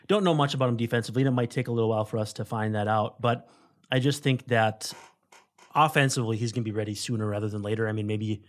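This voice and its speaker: A man co-hosting a baseball podcast, talking casually and rambling through scouting notes with frequent self-corrections. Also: fairly low pitch. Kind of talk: casual sports chat.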